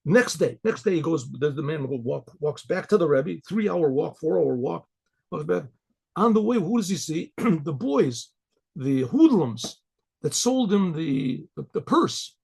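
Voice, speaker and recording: Husky, gravelly rabbi telling a story. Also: male voice, a little high, sing-song, a little slow, darkish tone. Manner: loose, conversational, with many restarts and fillers.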